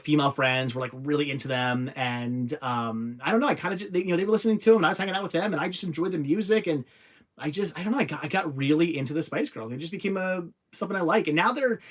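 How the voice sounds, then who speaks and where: A young man chats loosely on a livestream, his voice sitting a little on the higher side for a man. He rambles through viewer comments, stumbling over restarts and fillers as he goes. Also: a bit bright. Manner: rambling, many fillers and restarts, laughs easily. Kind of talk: casual livestream chat.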